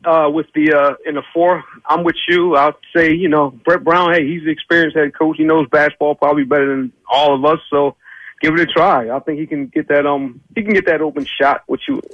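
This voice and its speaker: A man's voice: a little high, fairly even intonation, brisk, no room sound. A man calling in to a sports radio show, rambling and hesitant with many fillers. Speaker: caller. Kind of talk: phone-in call. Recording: dull phone line.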